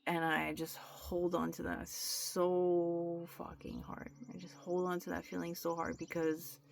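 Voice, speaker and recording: A woman's voice: on the low side, completely flat delivery, measured pace, gravelly. A young woman in a candid, confessional vlog, talking straight to her camera with many restarts and fillers. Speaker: vlogger. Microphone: camera mic.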